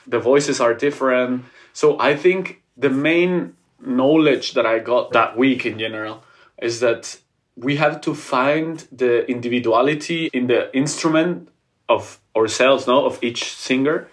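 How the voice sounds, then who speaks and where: A young opera tenor from Mexico answers an interview question. He talks thoughtfully and pauses to search for words. His voice sits at an ordinary pitch for a man. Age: young adult.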